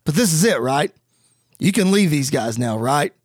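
A man's voice: on the high side, expressive, moderate pace, slightly rough, dry recording, studio quality, pitched below the performer's own voice. A man voicing an earnest male wrestler pleading with his friend.

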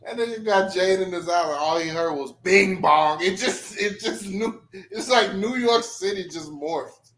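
A man's voice: sits high, a little slow, a bit bright, low-quality recording. A man who is a guest on a casual podcast, teasing playfully and often laughing while he talks. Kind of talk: casual chat.

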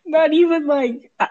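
A woman's voice: sits high, mellow. A teenage girl in casual chat with a friend, giggly and trailing off mid-sentence. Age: teens. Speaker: co-host friend. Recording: dull lo-fi sound.

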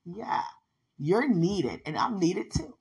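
A woman's voice: lowish voice, sing-song, takes it slowly, darkish tone, slightly rough. A woman hosting a spiritual podcast, talking fervently to her listener and breaking into frequent laughter and exclamations. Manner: laughs often, exclaims and testifies with rising fervor. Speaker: podcast host.

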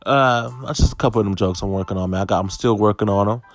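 A man's voice: fairly low pitch, fast talker, soft background music. Chatty middle-aged male stand-up comic. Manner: conversational, keeps saying okay. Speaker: stand-up comedian. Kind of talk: stand-up comedy.

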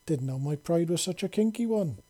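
A man's voice: on the high side, expressive, brisk, mellow, breathy edge, voice pushed up. A man reading aloud, voicing a cheeky young human man who jokes around and stammers when caught off guard. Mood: joking. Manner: joking, stammering.

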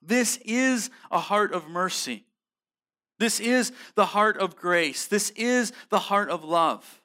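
A pastor preaching a sermon, earnest and emphatic, with casual slang and frequent restarts. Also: male voice, high-pitched, lively intonation, takes it slowly, bright, forceful tone. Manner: frequent restarts and repeated words.

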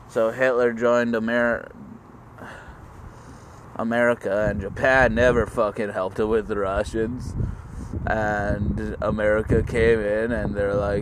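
A man telling history as a crude, rambling comedy rant, halting with fillers and jumping into squeaky mocking voices. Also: level tone, slight background noise. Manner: jumps into squeaky high mocking voices for countries.

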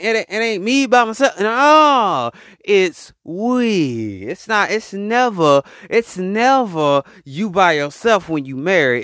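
A man hosting a solo podcast, talking in an animated, preachy way and calling out to his listeners. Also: a little high, no echo, studio quality. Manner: animated, preachy, call-and-response asides to listeners. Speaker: podcast host. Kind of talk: casual solo podcast monologue.

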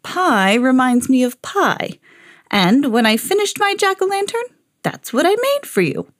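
A woman voicing a forgetful nine-hundred-year-old male wizard who speaks slowly in an airy, half-whispered way. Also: high-pitched, big pitch swings, dry recording, studio quality, pitched above the performer's own voice. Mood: dreamy.

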